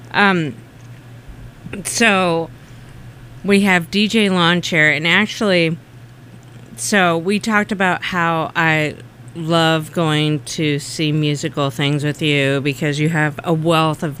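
A man's voice: a little high, bright, forceful tone, slight background noise. A man hosting a radio show in casual chat, bubbly and eager, gushing over his co-host's stories. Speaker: radio host.

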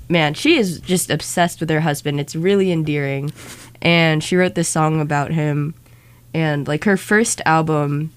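A young woman co-hosting a casual podcast, with vocal fry in her voice from being sick, rambling and laughing often. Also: deep voice. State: recovering from illness. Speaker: podcast co-host. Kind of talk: casual chat.

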